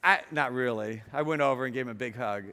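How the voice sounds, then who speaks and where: A middle-aged man from Ohio telling a personal story to an audience, wry, moving between quiet reflection and lively, amused telling. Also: mid-range voice, quick pace. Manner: wry, swings from hushed to lively. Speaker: speaker. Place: university hall. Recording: hall with long reverb.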